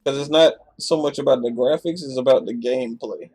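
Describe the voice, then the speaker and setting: A man's voice: medium pitch, brisk, darkish tone, husky. A man streaming a live reaction, sleepy and chatty, restarting his sentences often. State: sleepy, yawning. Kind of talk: casual live reaction commentary.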